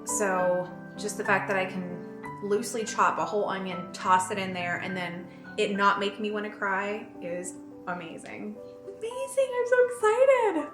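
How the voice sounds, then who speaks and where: A woman chatting casually to camera in a vlog, gushing and excitable, with quick bursts of delight. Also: mid-range voice. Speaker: lifestyle vlogger. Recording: echoey room with background music.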